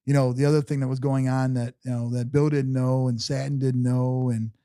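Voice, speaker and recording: Middle-aged male guest, warm dark voice, dry close sound, halting storyteller full of "you know". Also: medium pitch, level tone, clean tone, no echo. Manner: halting, repeats words, many "you know"s. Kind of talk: personal storytelling interview.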